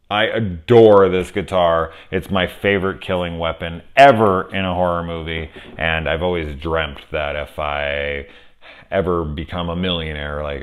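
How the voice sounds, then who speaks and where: A man casually reviewing a horror film on camera, rambling, swearing freely and gushing with enthusiasm. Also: a bass voice. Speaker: movie reviewer. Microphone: camera setup at home.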